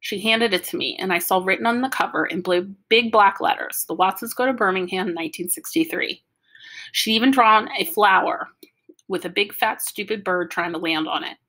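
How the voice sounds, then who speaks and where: A woman reading a novel aloud with lively, wry storytelling. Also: mid-range voice, moderate pace. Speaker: audiobook reader. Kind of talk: storytelling narration.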